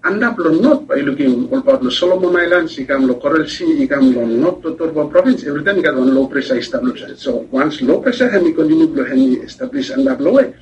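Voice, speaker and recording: A man, a weather official giving a halting news interview with rising emphasis. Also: fairly high pitch, animated, darkish tone. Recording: dull distant clip with faint noise.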